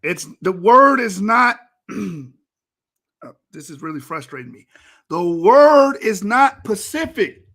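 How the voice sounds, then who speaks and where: Man, exasperated ranting commentary, high lively voice. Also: slow, long pauses. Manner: exasperated, animated ranting with laughs and profanity. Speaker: debate reviewer. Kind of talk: reaction commentary over a played debate.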